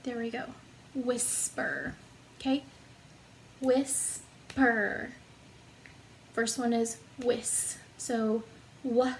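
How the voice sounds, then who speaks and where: A woman with a fairly high voice teaches young children to read, spelling words out letter by letter. She talks very slowly and patiently, with encouraging praise. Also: level tone, slight background noise, rough recording. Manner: slow, sounding out letters and syllables one by one. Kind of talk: phonics lesson for young children.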